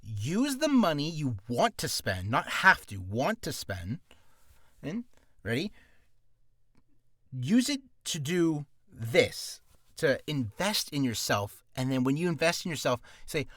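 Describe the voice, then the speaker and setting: A man's voice: on the high side, big pitch swings, takes it slowly, fairly bright tone, no room sound, clean studio sound. A man in a casual vlog, rambling in a goofy way and often cutting himself off mid-sentence. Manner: goofy, rambling, self-interrupting. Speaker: voice actor vlogger. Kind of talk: casual screen-share vlog.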